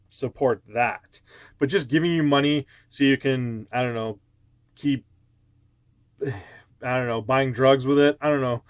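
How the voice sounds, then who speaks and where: A man's voice: a little high, dry recording, clean studio sound. A man hosting his own channel, delivering a heated, profane rant full of fillers and restarts. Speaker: channel host. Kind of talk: ranting commentary vlog.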